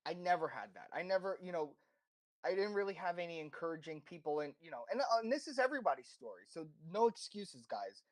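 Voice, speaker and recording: A man's voice: on the high side, very animated, fast. A man with a slight accent, a podcast guest giving impassioned, rambling advice with many restarts and self-corrections. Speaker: interview guest. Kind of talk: casual podcast interview.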